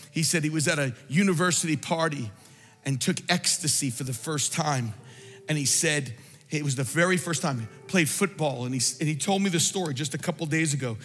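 Guy preaching hard in a church, shouts then goes quiet, echoey hall, faint music behind. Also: fairly high pitch. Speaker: pastor. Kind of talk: sermon.

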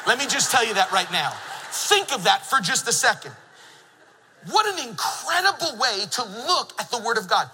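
A middle-aged male pastor delivers a lively sermon, telling stories and teasing his congregation. His voice is high and very bright with a husky edge, and it rings out with the long reverb of a church hall. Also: moderate pace. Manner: animated storytelling preacher, jokes with the congregation. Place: church sanctuary.

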